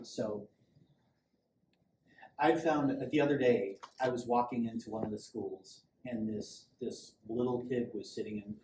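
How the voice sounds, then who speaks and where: The voice is fairly low and warm, belonging to a middle-aged police sergeant giving a loose, conversational safety training talk to a small group and acting out little quotes as he goes. It's recorded in an echoey room from a distant mic, with faint hiss.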